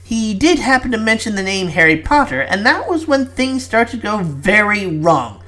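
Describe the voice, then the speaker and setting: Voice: medium pitch, big pitch swings, moderate pace, hardly any pauses, sharp tone. Chatty fan fiction reader. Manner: chatty, breaks off for asides. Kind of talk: reading fan fiction aloud with voices.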